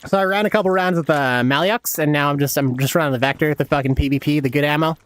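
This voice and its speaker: A man's voice: a little high, fast talker. A man in his thirties giving casual, laid-back gameplay commentary as a streamer, swearing a lot and laughing often. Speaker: game streamer.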